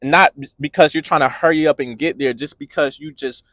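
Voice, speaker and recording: A man's voice: on the high side, moderate pace, fairly bright tone, no room sound. A man hosting a podcast, giving an earnest faith-based motivational talk with preacher-like repetition.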